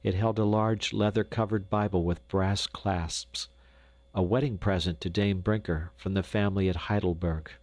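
An older man giving gentle, measured narration of a storybook on a close studio mic. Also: low-pitched, steady tone, no room sound. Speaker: audiobook narrator.

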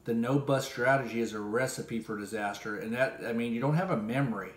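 A man in an echoey room delivering a sarcastic, scolding critique monologue in a mid-pitched voice. He talks in a casual, conversational way and now and then bursts into loud mimicry. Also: brisk.

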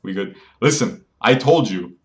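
A man's voice: fairly low pitch, animated, measured pace. A young man streaming a mobile game, bragging jokingly, laughing often and talking to his viewers as boys. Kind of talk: joking live gameplay commentary.

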